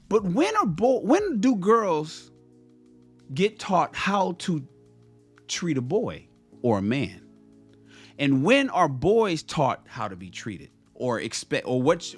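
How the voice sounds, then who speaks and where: Male vlogger, casual storyteller, very expressive pitch, repeats himself mid-thought, soft music under the voice. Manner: animated, repeats and restarts phrases. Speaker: motivational vlogger. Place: home in Los Angeles.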